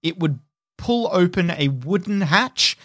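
A man narrating as game master in a tabletop role-playing game, unhurried and descriptive, with frequent restarts. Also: sits high, animated, fairly bright tone, dry recording, studio quality.

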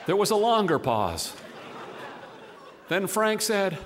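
High-voiced man telling a comic story. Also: animated, fairly bright tone, long reverb tail, a little hiss or hum. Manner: wry, deliberate comic timing. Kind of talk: humorous storytelling.

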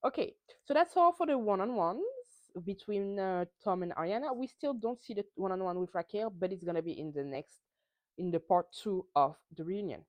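Animated woman podcaster recapping reality TV. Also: medium pitch, normal speed, dry recording. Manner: animated, emphatic, swears freely. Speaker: podcast host.

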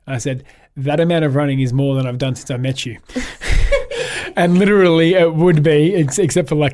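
A man's voice: medium pitch, darkish tone. Australian man, upbeat guest, laughs easily and acts out the dialogue in his stories. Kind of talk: casual interview chat.

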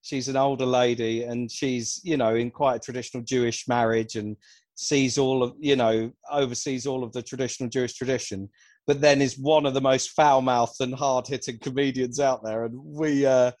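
British comedian guest, self-deprecating storyteller, dry close mic, mid pitch. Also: male voice, steady tone, moderate pace, darkish tone, dry recording. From England. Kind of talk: casual podcast chat, anecdotes.

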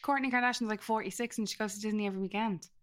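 A woman co-hosting a podcast in casual chat, animated, quick to react and laughing often. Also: medium pitch. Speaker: podcast co-host.

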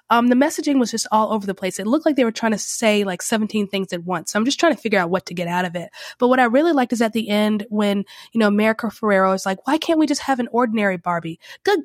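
A woman hosting a podcast, retelling a story in a chatty way with wry asides and sharp opinions. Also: medium pitch, fast talker, dry recording, clean studio sound. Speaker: podcast host. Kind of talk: opinionated commentary.

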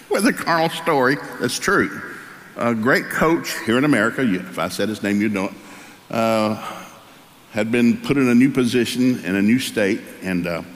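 Male pastor, folksy sermon storytelling, long church-hall reverb. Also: mid-range voice. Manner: folksy, animated storyteller acting out voices. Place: church sanctuary.

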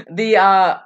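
A woman's voice: mid-range voice, muffled recording. A young woman co-hosting a podcast, chatting casually, giggling, swearing and acting out lines. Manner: giggly, swears, acts out lines in quick impressions. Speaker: podcast co-host. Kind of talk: casual chat recapping a story.

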